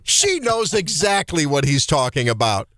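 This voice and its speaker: A man hosting a political talk radio show with a Midwestern American accent, talking in an animated, indignant way and often restarting his sentences. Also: fairly high pitch, moderate pace, no room sound, studio quality.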